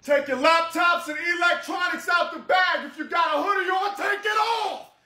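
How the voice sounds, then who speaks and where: A woman's voice: very high-pitched, moderate pace, pitched above the performer's own voice. A woman voicing a bossy airport security screener who barks orders at travellers. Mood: impatient. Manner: barking orders, shouting. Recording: echoey, from far off the mic.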